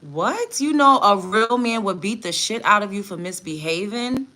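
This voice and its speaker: An animated woman with a mid-range, bright, forceful voice livestreams from home as she does her makeup. Unhurried and with few pauses, she reads chat comments aloud and responds in a blunt, profane, indignant rant.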